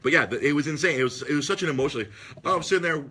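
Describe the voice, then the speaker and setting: A podcast host telling an excitable story in casual chat, swearing freely and breaking into loud, shrieking impressions. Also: male voice, a little high, rapid-fire, breathy edge. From Los Angeles area.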